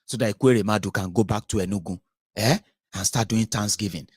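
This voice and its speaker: A Nigerian man giving casual political commentary, animated and switching into Pidgin. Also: on the low side, moderate pace, breathy edge, no room sound. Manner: animated, mixes Pidgin, mimics voices. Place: United Kingdom.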